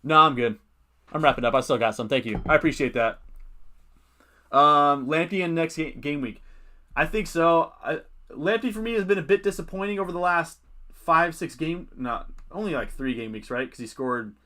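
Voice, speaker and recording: A man's voice: on the high side, lively intonation, normal speed, bright, forceful tone. A man hosting a casual fantasy football livestream. He thinks aloud, reads out viewer comments and uses many fillers.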